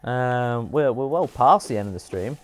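A man hosting a live game stream, chatting and reacting with animated, laugh-prone commentary. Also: mid-range voice, moderate pace. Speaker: streamer host.

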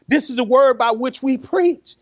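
A man preaching a sermon, animated and lively, laughing and calling the congregation to answer back. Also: extremely high pitch, normal speed.

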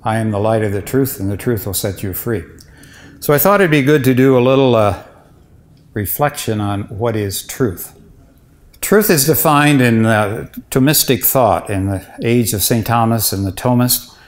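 An older man, a retired bishop, giving an informal lecture on scripture in a measured way, pausing often with "uh" and restarting his sentences. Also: medium pitch. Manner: measured, with many "uh" pauses and restarts.

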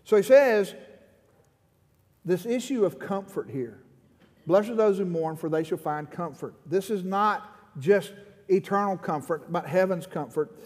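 Fervent high-voiced male preacher in a hall. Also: measured pace, a little mellow. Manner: impassioned, rising to fervent pleading in prayer. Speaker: pastor. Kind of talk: sermon. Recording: long hall reverb.

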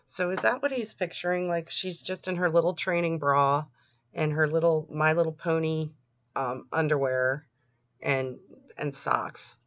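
Low-voiced, bright woman with dry sarcastic asides. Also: a little slow, dry recording. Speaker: commentary host. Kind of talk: reading chat logs aloud with commentary. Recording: dry, slightly dull lo-fi home recording.

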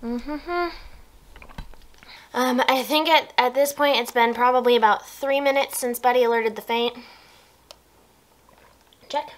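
Calm woman vlogging at home. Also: high-pitched, a little slow, long pauses. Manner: calm, explains steps plainly, breaks off to praise her dog softly. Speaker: vlogger filming her service dog. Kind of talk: casual vlog narration. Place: at home, lying down. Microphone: camera set low nearby.

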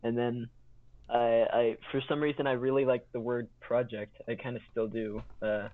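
A man's voice: medium pitch, flat delivery, moderate pace. A man co-hosting a podcast in goofy, rambling casual chat, restarting his sentences. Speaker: podcast co-host. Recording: tinny phone-like sound.

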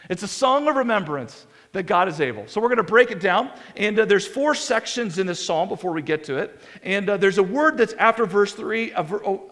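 A male pastor preaching a sermon in a conversational, animated way, with many restarts and acted quotes. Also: high-pitched. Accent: American. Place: church sanctuary. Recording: long hall reverb.

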